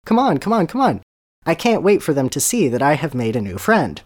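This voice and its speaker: A podcast host doing the voice of an eager, excitable young boy wizard while reading fan fiction aloud for laughs. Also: fast talker. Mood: excited. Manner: eager, breathless, high-pitched. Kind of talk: comic fanfic reading.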